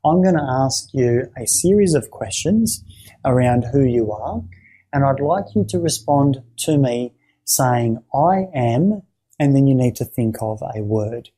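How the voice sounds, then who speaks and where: A man teaching clinicians how to run a therapy exercise, his voice warm and a touch husky. He talks in a halting way, circling back over words and restarting sentences as he explains. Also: mid-range voice, lively intonation. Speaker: therapy trainer.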